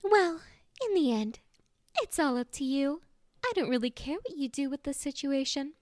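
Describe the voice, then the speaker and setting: A cocky, capricious teenage girl schemer speaks in a shrill, high voice, as a woman reads her. She flips between bubbly teasing and flat deadpan. The sound of this fan audiobook is dry and close, with no room in it. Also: normal speed, no room sound. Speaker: audiobook voice actor. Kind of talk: fan audiobook character reading.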